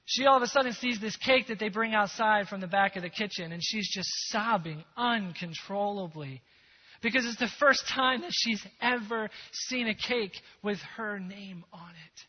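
A male preacher telling a story in a sermon, animated, moving from loud to hushed. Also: high-pitched, normal speed, husky. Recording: long hall echo, dull sound.

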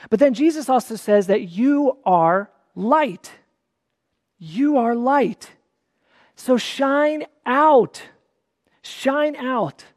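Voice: medium pitch, a little mellow, studio quality. Conversational preacher in a reverberant hall. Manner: conversational, with restarts and emphatic repeats. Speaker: pastor. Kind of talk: sermon.

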